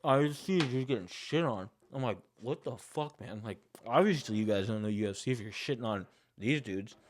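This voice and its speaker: A man's voice: mid-range voice, brisk, slight background noise. A young man hosting a casual sports talk show, ranting in a heated, profane, rambling way and getting worked up. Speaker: podcast host.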